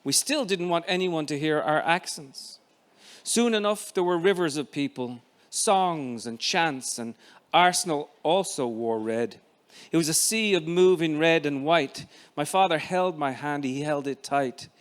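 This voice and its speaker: A man in his fifties with an Irish accent reads his own memoir aloud. His voice sits a little high for a man. He reads in a measured, expressive way with frequent pauses. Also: clear, resonant tone. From Ireland. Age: 50s. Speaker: author.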